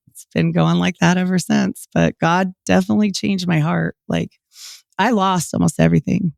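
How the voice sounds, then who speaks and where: Gravelly animated woman in her forties. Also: lowish voice, no room sound, studio quality. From Utah. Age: 40s. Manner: animated, quotes people in lively voices, many "like" fillers; laughs often. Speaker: podcast guest. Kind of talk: storytelling interview.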